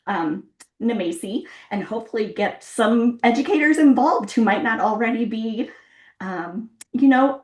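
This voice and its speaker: A woman co-hosting a podcast, welcoming guests and introducing topics in an upbeat way. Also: fairly high pitch. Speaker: podcast co-host. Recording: roomy echo.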